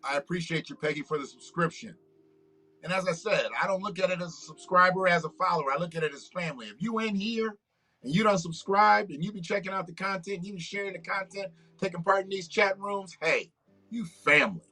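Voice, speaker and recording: A man holds forth on his livestream in a blunt, profane, preachy way. His voice is bright and forceful and sits a little high. Faint music plays underneath. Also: a little fast. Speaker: livestream host. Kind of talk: casual political commentary livestream.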